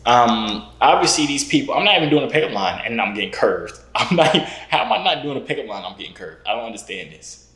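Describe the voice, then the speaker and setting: A man's voice: medium pitch, sing-song, quick pace, few pauses, fairly bright tone, roomy sound. A young man vlogging, teasing strangers on a video call with a playful, mock-serious manner. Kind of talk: prank video-call chat.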